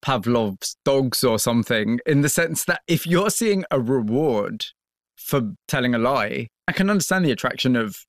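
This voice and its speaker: A man's voice: medium pitch, animated, moderate pace, no echo, studio quality. A man interviewing a guest, following up with probing questions in a conversational way.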